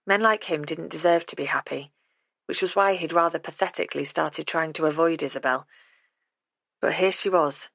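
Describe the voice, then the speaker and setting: A woman narrating an audiobook in a steady, measured reading voice. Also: deep voice, vocal fry, no echo.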